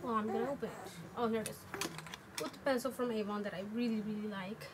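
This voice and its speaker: A woman with a slightly high voice talks quickly as she casually demonstrates a makeup tutorial at home. She rambles in a relaxed way, using plenty of fillers, and there's noticeable background noise.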